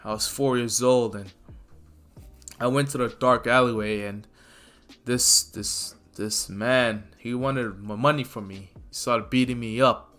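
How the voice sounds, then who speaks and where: A man voicing a quiet teenage boy hero confessing, hushed and halting. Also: mid-range voice, fairly even intonation, faint music behind, natural voice. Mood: grave.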